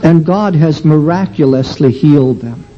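A man preaching a sermon, slow and emphatic, drawing out his phrases. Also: a little high. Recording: dull lo-fi recording with faint hum.

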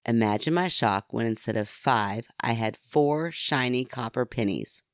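A woman's voice: extremely low pitch, measured pace, no echo, clean studio sound. A woman co-hosting a casual podcast, giggling and tripping over words as she reads aloud. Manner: giggly, stumbles while reading aloud. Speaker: podcast co-host.

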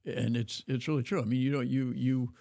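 A man hosting a casual conversation, relaxed and measured with a few fillers. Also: mid-range voice, no echo, studio quality. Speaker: host.

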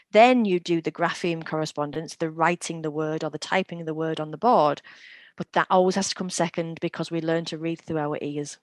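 Low-voiced woman explaining teaching tips. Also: no room sound. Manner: practical, explains with classroom examples. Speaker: guest, education company CEO. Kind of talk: podcast interview.

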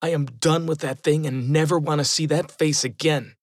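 A man's voice: a little high, fairly even intonation, moderate pace, dry recording, clean studio sound, close to an everyday voice. A man voicing a spooked teenage boy in a storybook tale, fed up and uneasy.

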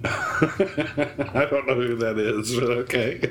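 A man's voice: mid-range voice, very slow. A man co-hosting a comedy podcast, laid-back and easily amused.

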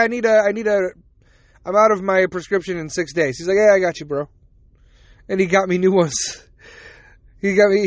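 A man's voice: high voice, dry recording, lo-fi sound. A man hosting a casual solo podcast, rambling and swearing as he retells conversations, tired and yawning. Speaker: podcast host.

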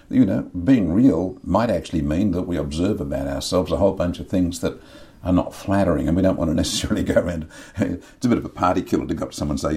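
Man, very deep voice, dark mellow tone, earnest, confessional, middle-aged. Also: fast. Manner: earnest, confessional, repeats words when searching. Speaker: podcast guest. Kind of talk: candid faith talk.

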